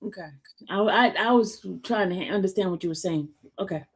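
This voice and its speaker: A woman's voice: medium pitch, a little fast, husky. A middle-aged woman in a casual debate who talks emphatically and stammers a repeated "I" before making her points.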